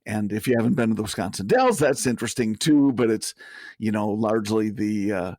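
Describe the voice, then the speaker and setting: A man's voice: lowish voice, lively intonation, brisk, a little mellow, dry recording, studio quality. An older man co-hosting a podcast, chatting casually and rambling with frequent chuckles. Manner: chuckles often, loose rambling delivery. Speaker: podcast co-host. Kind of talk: casual chat.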